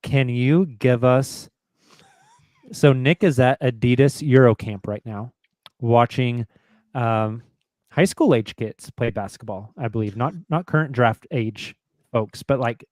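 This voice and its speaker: A man's voice: mid-range voice, a little slow, a little mellow, dry recording. A man hosting a sports podcast, chatting casually, joking and reading sponsor spots. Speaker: podcast host. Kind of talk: casual chat.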